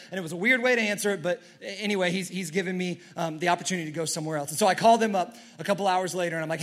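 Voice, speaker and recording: A male pastor preaching a sermon on a church stage, telling a personal story in an earnest way, with many restarts and sudden swings between loud and quiet. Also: high-pitched, rapid-fire, few pauses.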